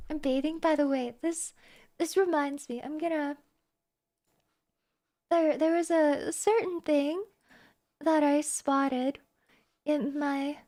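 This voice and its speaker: A young woman streamer with a high, light voice chats casually with her audience, taking her time. She teases her viewers wryly, breaking into laughs and restarting her sentences. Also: darkish tone. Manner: wry, teasing, with laughs and restarts. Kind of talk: casual live stream chat.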